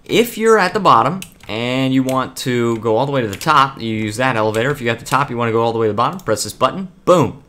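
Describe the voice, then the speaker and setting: A man's voice: medium pitch, animated, quick pace, hardly any pauses, sharp tone. A man streaming a building game, chatting casually to viewers and rambling with frequent restarts. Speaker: gaming streamer. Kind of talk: casual live-stream chat.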